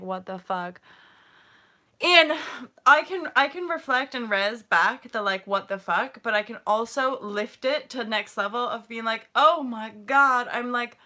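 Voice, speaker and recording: A woman's voice: mid-range voice, bright, forceful tone. A middle-aged woman talking on a livestream in a rambling, emotional way, full of fillers and swearing and swinging between laughter and tears. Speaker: host and founder of a spiritual movement. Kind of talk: casual livestream monologue.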